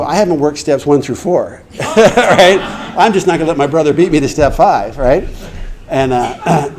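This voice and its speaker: A middle-aged man telling his personal recovery story to a meeting, conversational, acting out the dialogue he quotes and clearing his throat often. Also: mid-range voice, dark tone, a little hiss or hum.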